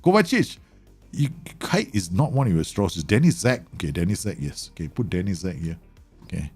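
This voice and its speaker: A man streams a football management game and reacts out loud, teasing and exclaiming as he goes. His voice sits low but jumps around a lot in pitch. Faint music plays under him. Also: brisk, slightly rough. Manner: excitable, bursts into exclamations and teasing remarks. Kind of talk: live gameplay commentary.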